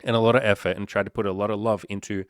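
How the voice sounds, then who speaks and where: A man's voice: fairly low pitch, little pitch movement, racing, no room sound, clean studio sound. A man hosting a coaching talk who speaks bluntly and swears freely, acting out angry replies as he goes. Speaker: coaching podcast host. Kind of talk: candid advice talk, profane.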